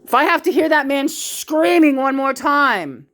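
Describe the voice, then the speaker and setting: A woman's voice: high-pitched, a little slow, a bit bright. Woman ranting, profane and emotional. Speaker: vlogger. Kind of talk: casual monologue.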